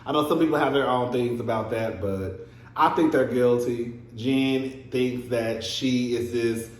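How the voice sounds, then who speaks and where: A young adult man casually recapping a reality TV episode, animated and laughing, acting out scenes in exaggerated voices. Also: mid-range voice, measured pace. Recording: echoey room.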